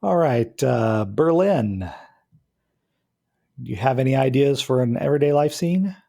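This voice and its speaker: Husky-voiced man running a tabletop game. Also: mid-range voice, unhurried. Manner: relaxed, chuckling, conversational. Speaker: game master.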